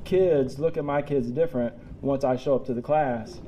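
A man's voice: mid-range voice, moderate pace, mellow, slight background noise. A man in his forties giving a personal talk to a live audience. He is emotional, tears up, and laughs between lines. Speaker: public speaker. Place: room with an audience.

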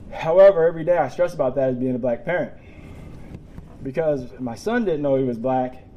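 A man in his forties speaks to a live audience in a room. His voice sits at a medium pitch and carries a lot of emotion. He tears up and laughs between lines, and faint background noise sits under the recording. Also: highs cut off. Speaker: public speaker. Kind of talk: personal talk to a live audience.

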